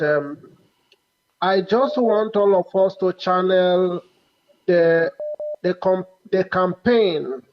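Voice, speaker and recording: Slow halting caller on a dull line. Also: male voice, sits high. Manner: halting, many fillers. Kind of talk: call-in radio talk.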